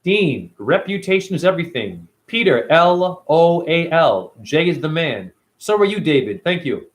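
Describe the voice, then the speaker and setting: A man's voice: fairly high pitch, very animated, normal speed. A man hosting a casual livestream, talking animatedly and profanely and answering viewers by name. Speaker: livestream host reading chat.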